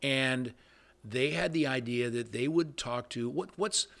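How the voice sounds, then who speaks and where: Older man telling lively camera stories. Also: medium pitch, unhurried, gravelly. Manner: animated anecdotes with sound effects, many restarts. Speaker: guest, veteran cameraman. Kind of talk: storytelling interview.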